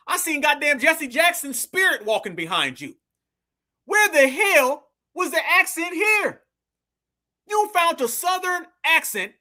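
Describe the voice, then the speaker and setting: Man, commentary, blunt, sarcastic, preachy, bright clear tone. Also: extremely high pitch. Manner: speaks to viewers as family. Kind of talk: casual commentary.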